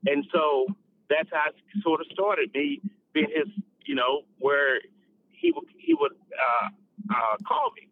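Lively male pastor on a tinny line. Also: a little high, a little slow, creaky, no room sound. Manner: animated, repeats and restarts words. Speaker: associate pastor. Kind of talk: personal testimony storytelling. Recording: dry, phone-like narrow sound.

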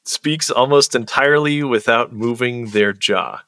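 Chatty man with a bright voice. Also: medium pitch, a little slow, no echo, clean studio sound. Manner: relaxed, chatty, lots of "like". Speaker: host and game master. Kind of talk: explaining a role-play game, casual.

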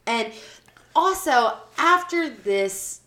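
A woman hosting a podcast, telling a story in a blunt, profane, animated way. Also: a little high, drawn-out words. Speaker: podcast host. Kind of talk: casual storytelling chat.

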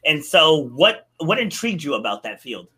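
A man in his forties hosting a podcast interview, chatty and relaxed, who laughs easily. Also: fairly high pitch, moderate pace. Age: 40s. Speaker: podcast host. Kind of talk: casual interview chat.

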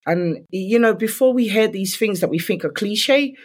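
A woman's voice: medium pitch, normal speed. A woman, a guest in an interview, candidly retelling her own story in loose speech full of "like" fillers.

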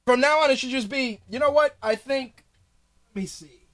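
A man's voice: extremely high pitch, normal speed, fairly bright tone, no room sound. A man hosting a podcast, ranting in a profane, sarcastic way in a casual commentary style. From Hispanic background. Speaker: podcast host.

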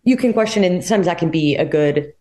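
A woman with a low-pitched voice speaks on a podcast. She thinks out loud and reflects as she talks, pausing and hesitating now and then. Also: animated. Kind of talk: podcast conversation.

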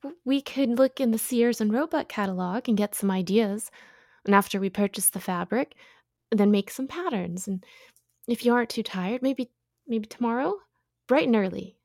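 A woman's voice: fairly high pitch, moderate pace, creaky, a little mellow, no echo, clean studio sound. An actress playing a motherly, middle-aged housewife in an audio drama, soothing and coaxing in a chatty way. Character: motherly, fussing older housewife, sweet yet prying.

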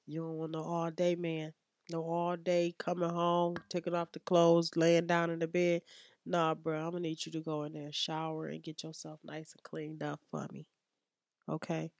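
A woman's voice: low voice, completely flat delivery, moderate pace, a little mellow, no room sound. A woman hosting a podcast, giving frank advice in a blunt, profane, emphatic way and repeating herself for emphasis. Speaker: podcast host and hairstylist. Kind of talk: frank casual advice talk.

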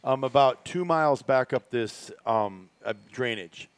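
A man hosting a casual podcast chat, telling stories excitedly with many restarts and frequent laughter. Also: mid-range voice, a little slow, no room sound. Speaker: podcast host.

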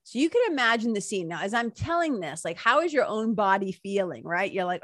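A chatty woman tells a story to her listeners in a loose, conversational way, checking in with quick tag questions as she goes. Her voice sits at an ordinary middle pitch. It is recorded close and dry, with no room sound. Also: animated, a bit bright, dry recording. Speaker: speaker retelling a book passage. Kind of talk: casual talk with read-aloud quotes.

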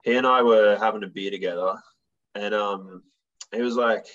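A young man chats loosely in an interview, his speech full of likes and ums. His voice sits a little low, and the recording sounds dull and lo-fi. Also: steady tone, moderate pace, a bit bright. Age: young adult. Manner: rambling, filler-heavy storytelling. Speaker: musician guest. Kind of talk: casual interview chat.

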